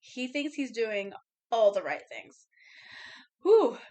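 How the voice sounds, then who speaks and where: A woman's voice: a little high, sing-song, slow, a little mellow. A woman co-hosting a podcast, chatting casually about a movie, swearing freely and finishing her co-host's sentences. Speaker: podcast co-host.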